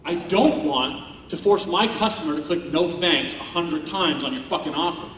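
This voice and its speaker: A conference speaker delivers a sarcastic, mocking, profane keynote for laughs from a stage in a big hall. His voice is rather high and fairly bright at a normal pace, picked up off-mic from a distance, with echo and slight background noise.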